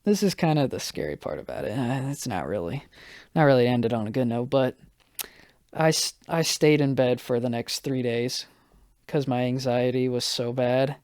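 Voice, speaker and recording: A young man hosting a casual solo podcast, telling a personal story in a halting way, full of fillers and self-deprecating remarks. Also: medium pitch, a little mellow, dry recording, studio quality. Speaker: podcast host.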